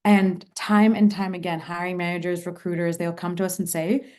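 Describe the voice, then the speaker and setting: Enthusiastic woman presenter, low mellow voice. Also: flat delivery, moderate pace. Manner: enthusiastic, emphatic delivery. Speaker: mentorship session presenter. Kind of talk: online workshop teaching. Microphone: video call.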